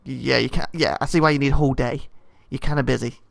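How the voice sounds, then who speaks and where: A man's voice: mid-range voice, moderate pace, creaky, a bit bright, dry recording. A man playing a video game and reading its text aloud, tripping over names and adding joking asides. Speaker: let's play host.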